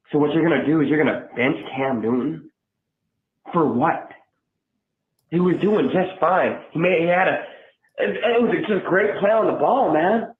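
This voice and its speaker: Fired-up man ranting over a tinny phone. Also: mid-range voice. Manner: profane, yelling, heated. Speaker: podcast regular calling in. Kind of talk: angry fan rant over the phone. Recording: tinny phone line, echoey.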